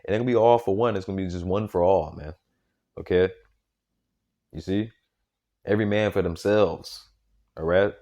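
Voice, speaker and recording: A man with a deep, mellow voice preaches informally and reads from scripture at a normal speed, with fairly even intonation and long pauses, on a muffled recording. He is emphatic and repetitive, restarting sentences often and adding "man" and "okay?" to his lines.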